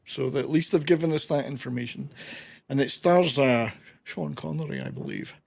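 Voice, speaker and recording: Gravelly-voiced male podcast host. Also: mid-range voice, moderate pace, darkish tone. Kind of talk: casual movie-review chat.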